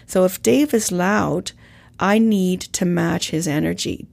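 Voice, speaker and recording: A woman coaching on calming an angry person, talking in a calm, measured way and acting out sample lines. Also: lowish voice, vocal fry. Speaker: communication coach. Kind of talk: instructional talk with role-play examples.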